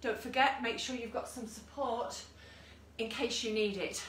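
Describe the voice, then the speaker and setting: A woman's voice: fairly high pitch, steady tone, normal speed, fairly bright tone. A woman leading an online exercise class, giving encouraging cues and countdowns with chatty asides. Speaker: fitness instructor. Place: room at home, with a dog nearby. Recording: echoey room, voice from a distance, faint noise.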